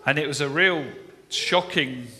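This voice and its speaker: A man's voice: on the high side, a little slow, pushed and bright, a little hiss or hum. A man preaching, telling a story in a conversational way with many fillers. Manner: anecdotal, conversational, with frequent fillers. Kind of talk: sermon storytelling. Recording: long reverberant hall.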